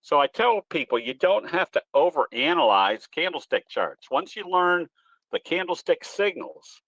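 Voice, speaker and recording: A man's voice: fairly high pitch, big pitch swings, moderate pace, fairly bright tone, no echo. Man, online presenter, folksy and easygoing, dry sound, slightly muffled. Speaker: guest presenter, trading educator. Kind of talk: webinar Q&A, explaining.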